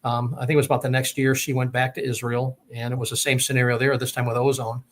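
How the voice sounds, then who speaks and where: A man's voice: medium pitch, little pitch movement, quick pace, slight background noise. A man telling a long personal story in a rambling way, full of fillers and restarts. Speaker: guest telling his story. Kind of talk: casual storytelling.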